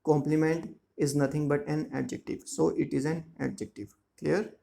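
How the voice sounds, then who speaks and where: A man teaching a school lesson, explaining words slowly and checking that students follow. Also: fairly high pitch, steady tone, vocal fry, warm tone. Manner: slow, repetitive explaining with frequent check-ins. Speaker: English teacher. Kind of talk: classroom lesson explaining grammar and syllables.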